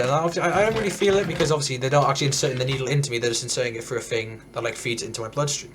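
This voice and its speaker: A man's voice: mid-range voice, very fast, hardly any pauses, music in the background. A teenage boy, telling a story in a rambling, casual way while streaming a game. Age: teens. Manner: rambling, many restarts and fillers. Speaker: gaming streamer.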